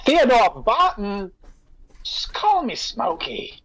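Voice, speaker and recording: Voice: medium pitch, huge pitch swings, slow, a bit bright, full character voice, low-quality recording. Someone voicing a teasing, charming bear ranger. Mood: playful. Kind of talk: live group fanfic reading.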